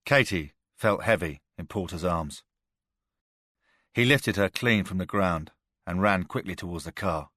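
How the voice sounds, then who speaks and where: A man narrates a thriller audiobook in a very low voice, steady and measured. The recording is dry and close-miked, with no room sound or echo.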